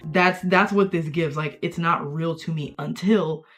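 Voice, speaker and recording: A young woman vlogging in a casual, playful, self-mocking way, reacting to her old online posts with sudden jumps in pitch and loudness. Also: a little slow, soft background music.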